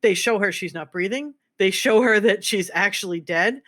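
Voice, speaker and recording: A bright, forward voice tumbles through a casual roleplay recap. The speaker swears freely, restarts sentences and repeats points for emphasis. The pitch sits mid-range. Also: normal speed. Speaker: roleplay streamer guest.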